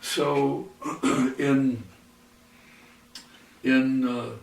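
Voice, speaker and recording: A man teaching a guitar lesson, explaining halting with many restarts and counting beats aloud. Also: medium pitch, level tone, far from the mic. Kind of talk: lesson with demonstrations. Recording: roomy, from off the mic, faint noise.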